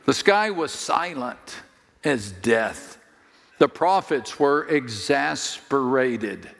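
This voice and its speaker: A man's voice: medium pitch, expressive, takes it slowly, gravelly, a bit bright, big-room sound. A man preaching a sermon, telling the story dramatically, with jokes and direct appeals to his listeners. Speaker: pastor.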